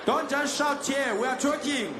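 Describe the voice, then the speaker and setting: A chirpy South African police negotiator in a stand-up routine, put on by a male comedian, pitched well above his usual voice. He speaks slowly, loudly and warmly insistent. A faint room hum sits underneath. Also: roomy sound, crowd noise. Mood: coaxing. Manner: slow, loud, cheerfully insistent.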